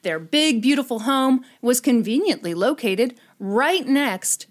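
This is a woman with a fairly high voice, telling a history story in a loose, chatty way. She drops casual swears and laughs along as she goes, keeping things informal and playful. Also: animated, slow. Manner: irreverent, swears, laughs often.

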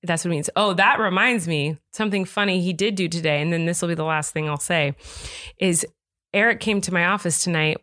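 A woman's voice: on the low side, no room sound. Chatty woman podcast co-host, dry sound. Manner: chatty, animated storytelling with quick laughs. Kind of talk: casual chat.

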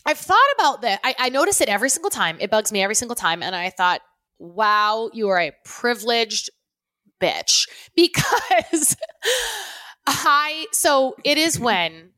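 A woman's voice: sits high, big pitch swings, normal speed, pushed and bright, dry recording, clean studio sound. A woman co-hosting a casual podcast, telling stories animatedly and acting out quoted lines with laughs. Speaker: podcast co-host. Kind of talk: casual chat.

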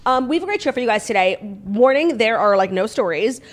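A woman's voice: fairly high pitch, lively intonation, fast talker. A woman hosting a podcast in casual chat, rambling with lots of fillers. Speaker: podcast host.

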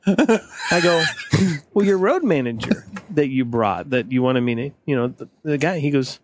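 A man's voice: on the high side, lively intonation, normal speed, very noisy. A man co-hosting a podcast, telling a story in casual chat and acting out the quotes. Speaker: podcast co-host.

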